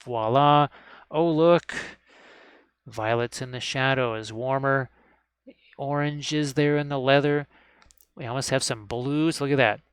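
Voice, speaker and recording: Painting miniatures live at his indoor hobby desk, this man keeps things chatty and upbeat, repeatedly telling viewers "look at this." He talks in a smooth, mid-range voice at a measured pace with long pauses, recorded without echo.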